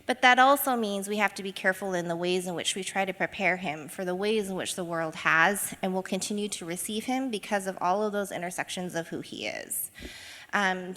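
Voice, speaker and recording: A woman's voice: mid-range voice, fairly bright tone, long reverb tail. A woman educator and mother speaking in a reflective, storytelling way in a podcast interview. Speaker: guest, educator.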